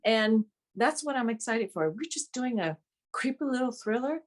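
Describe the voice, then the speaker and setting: A woman's voice: a little high, expressive, normal speed. Chatty laughing woman from Vietnam. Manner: chatty, laughs often between phrases. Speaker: actress being interviewed. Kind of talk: casual interview chat.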